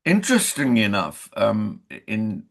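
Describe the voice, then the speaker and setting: Older man from England, husky voice, wide swinging pitch, playful anecdotes, home recording. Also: a little slow. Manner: animated storytelling, playful. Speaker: actor, guest. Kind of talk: casual interview chat. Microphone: home recording setup.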